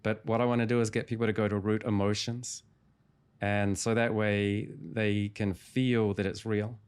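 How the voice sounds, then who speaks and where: A man with a fairly low voice speaks as a guest in an interview. He retells a client's story in a calm, measured way, walking through each step of a session. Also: clear, resonant tone. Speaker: hypnotherapist guest.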